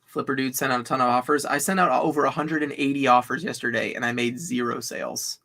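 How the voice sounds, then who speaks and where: A man's voice: mid-range voice, steady tone, fast, gravelly, bright, forceful tone. A man co-hosting a live reselling stream, talking in a laid-back way while checking his listings. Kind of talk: casual livestream chat.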